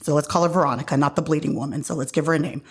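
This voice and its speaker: A woman's voice: low-pitched, fairly even intonation, rapid-fire, husky. A woman hosting a podcast, casually retelling a faith story with many fillers and acted-out quotes. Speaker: podcast host.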